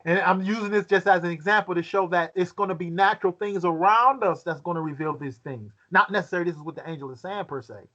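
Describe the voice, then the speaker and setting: A man with a fairly high voice and a sharp tone moves quickly through a Bible study, barely pausing as he reads scripture and then questions his listeners. He still often halts to repeat words while thinking, and the recording is dull and lo-fi.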